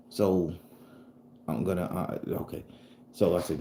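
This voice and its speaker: A man from southern Florida tells a spooky tale in a very low, deep voice with a dark, mellow tone. He swears freely and acts out every line of dialogue. The recording has a roomy echo. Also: measured pace, long pauses, slight background noise. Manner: profane, animated, acts out dialogue. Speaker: storyteller and channel host. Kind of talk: casual spoken ghost story. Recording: echoey room.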